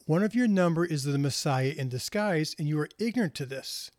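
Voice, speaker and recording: A man voicing a calm, wise old male guru on a mountain in a told parable. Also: fairly high pitch, a little fast, dry recording, clean studio sound, lightly acted. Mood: solemn.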